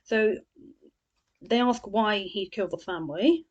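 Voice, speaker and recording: A woman's voice: medium pitch, unhurried, husky, lo-fi sound. A woman gives a chatty, sarcastic spoken review of a book, full of scornful asides.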